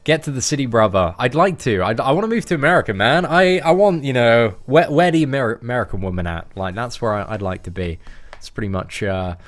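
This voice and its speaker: A man's voice: medium pitch, lively intonation, fairly quick. A young man, chatting in a rambling, slangy way while livestreaming a game from home. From England. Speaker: gaming livestreamer. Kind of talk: casual livestream chat.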